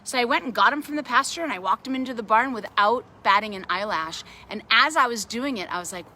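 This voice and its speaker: A middle-aged woman who runs an animal sanctuary tells a personal story in a casual, animated way. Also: a little high, quick pace. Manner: animated, grows excited while retelling a story. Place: outdoors at a farm sanctuary.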